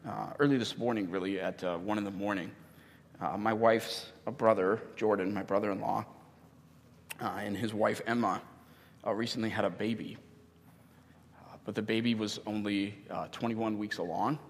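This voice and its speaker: A man in his thirties, a pastor giving a sermon in an earnest, halting way with many pauses. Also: fairly low pitch, steady tone, big-room sound.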